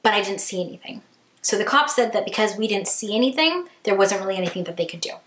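A woman vlogger telling a story in a lively, chatty way, full of fillers and acted-out quotes. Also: mid-range voice, quick pace, roomy sound. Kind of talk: storytime vlog.

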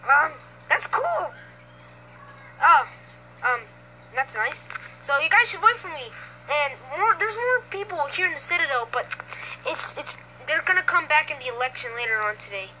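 A woman's voice: high-pitched, sing-song, moderate pace, long pauses, background noise. A woman voicing Luigi as a plush puppet vlog character running for president, rambling and bossy. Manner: bossy and rambling, yelling for quiet. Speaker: vlog character giving a campaign speech.

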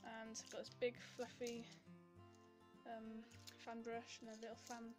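A woman's voice: on the high side, monotone, a little slow, over music. A young Welsh woman chatting casually to camera about her makeup, rambling and giggling, a little out of breath. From Wales. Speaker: beauty vlogger.

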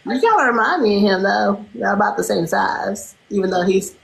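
A woman's voice: medium pitch, expressive, a little fast, gravelly, low-quality recording. Woman from Louisiana, stream host; sassy, blunt, teasing delivery. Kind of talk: joking live video chat.

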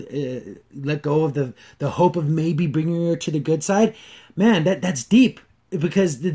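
A man hosting a casual solo review, rambling with frequent restarts and fillers, and acting out characters' lines in lively voices. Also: fairly high pitch, husky. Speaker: host reviewing a cartoon episode.

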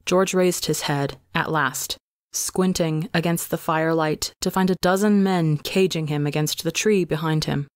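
Woman, story narrator, low pitch, dry recording, measured, dramatic. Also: fairly even intonation, no echo. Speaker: podcast reader.

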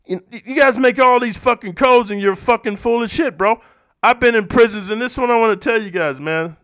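A man from the eastern United States ranting at his viewers in a profane, confrontational monologue that swings between low muttering and loud outbursts. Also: expressive, normal speed, no room sound, studio quality. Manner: profane, confrontational, says "bro" constantly. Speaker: YouTuber reacting to comments.

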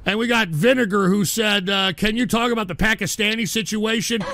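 High creaky furious man ranting. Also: steady tone, a little fast, slight background noise. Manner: furious cursing rant, stammering, shouting at trolls. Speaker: talk radio host. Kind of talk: livestream radio rant.

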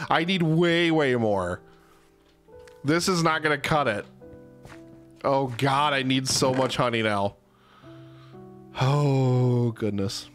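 Excitable man narrating his gameplay. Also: medium pitch, slow pace, long pauses, soft background music. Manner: excitable, chatty, laughs at himself. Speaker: gaming channel host. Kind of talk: casual let's-play commentary.

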